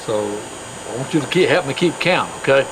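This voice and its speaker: A man's voice: medium pitch, expressive, a little fast, background noise. A man from the hosting a show on his farm, talking in a chatty, rambling way with many fillers and restarts. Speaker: host. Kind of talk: casual folksy chat.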